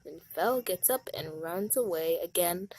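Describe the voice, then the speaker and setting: A young woman casually reading out a fan story, with giggly, lively asides. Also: fairly low pitch, a little slow.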